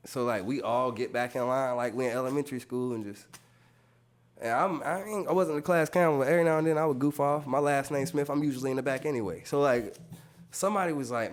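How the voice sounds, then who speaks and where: On a podcast, a tattoo artist shares casual stories at a brisk pace and medium pitch. His speech is loose, slangy, and laced with profanity, and his voice leaps suddenly as he performs quoted lines.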